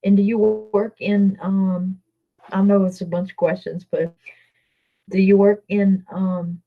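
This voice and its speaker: A woman's voice: medium pitch, little pitch movement, unhurried, phone-quality sound. A woman from Louisiana with a Southern accent, chatting casually with viewers on a livestream, rambling and reading out their names. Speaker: livestream host.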